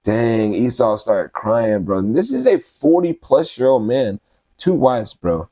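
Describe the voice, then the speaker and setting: A man's voice: mid-range voice, animated, unhurried, dark tone, slightly rough, dry recording. A man giving casual, slangy Bible study commentary, reading passages aloud and then riffing on them conversationally.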